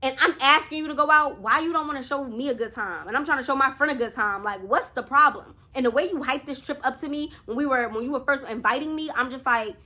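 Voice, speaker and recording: A woman's voice: high voice, quick pace, few pauses, pushed and bright. A young woman telling a casual storytime to her viewers, chatty and talking straight to them. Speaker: vlogger.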